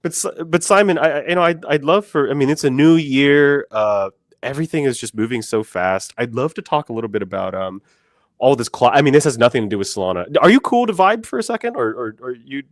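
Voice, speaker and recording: A man's voice: mid-range voice, lively intonation, fast talker, no room sound, studio quality. A man co-hosting a live stream, ranting with lots of swearing and stammered restarts in casual chat. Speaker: podcast co-host.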